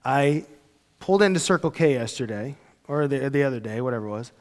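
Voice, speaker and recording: A man's voice: mid-range voice, lively intonation, brisk, darkish tone, big-room sound. A man preaching a sermon as a pastor, conversational and joking, acting out quoted voices. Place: church sanctuary.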